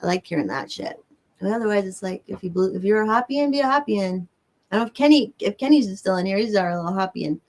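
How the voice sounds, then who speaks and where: A woman's voice: medium pitch, lively intonation, fast talker. A woman with a Southern American accent, hosting a livestream and chatting casually with viewers in a rambling way. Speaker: livestream host. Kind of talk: casual chat answering viewers.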